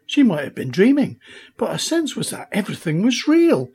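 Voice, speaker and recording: Brief: husky, slow-paced male narrator for a children's audiobook, lively pitch. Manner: expressive, unhurried. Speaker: audiobook reader. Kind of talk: storybook narration.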